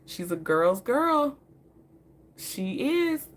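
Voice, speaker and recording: Speaking very slowly in a slightly high, sing-song voice, this vlogger chats her way through casual story time. She laughs a lot and addresses her viewers directly.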